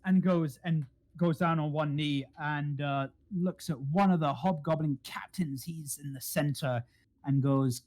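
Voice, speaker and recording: A man narrating as game master in a tabletop game, halting and filled with fillers. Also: fairly high pitch, steady tone, darkish tone. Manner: halting, full of fillers and restarts.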